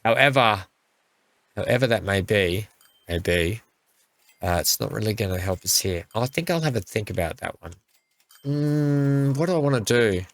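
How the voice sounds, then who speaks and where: Here the gaming host's voice sits fairly low, lively yet moderately paced and a bit bright, on a dry recording. His commentary is chatty, and he talks to the vehicles as he plays.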